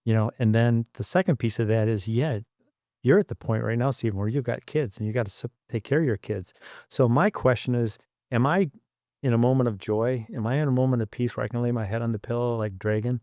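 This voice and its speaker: A man's voice: medium pitch, a little fast, no room sound, studio quality. A middle-aged man from Michigan, a podcast guest and former engineer, telling stories in an interview and acting out the people he quotes. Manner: animated storyteller, acts out quoted voices. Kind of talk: storytelling interview.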